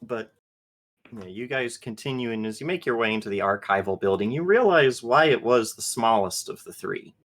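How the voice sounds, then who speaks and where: A man running a tabletop game as game master, narrating in a relaxed storytelling way. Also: mid-range voice, normal speed.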